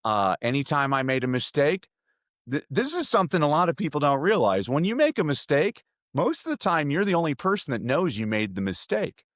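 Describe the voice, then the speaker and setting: A middle-aged man, a speaking coach, telling stories energetically as a podcast guest, his voice jumping up in pitch. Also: brisk, no room sound. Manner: energetic storyteller with sudden jumps in pitch. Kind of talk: podcast interview answers.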